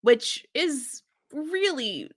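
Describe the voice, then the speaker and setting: A woman's voice: high voice, big pitch swings, very slow, no room sound, clean studio sound. A woman co-hosting a podcast, giving wry, opinionated commentary in a casual chat about a TV episode. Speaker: podcast co-host.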